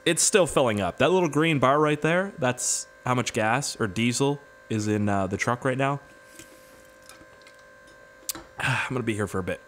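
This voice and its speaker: This is a gaming YouTuber, a man with a medium-pitched voice speaking at an ordinary pace. He offers casual, rambling commentary laced with profanity as he plays a driving game, while the game's vehicle engines make loud noise in the background.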